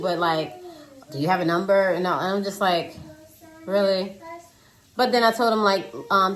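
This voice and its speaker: A vlogger in her thirties with a medium-pitched voice cooks at home while telling viewers about her day in a casual storytime, calling them "y'all." Her retelling is dramatic and animated, full of quoted voices, and a child can be heard singing in the background.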